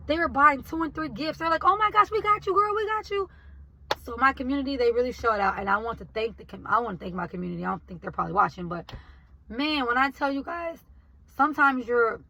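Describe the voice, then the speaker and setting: In a casual vlog, a woman tells her viewers about her basket business, speaking straight to them with emotion and saying "y'all". Her voice is on the high side, creaky, bright, husky and forceful, and the recording quality is low.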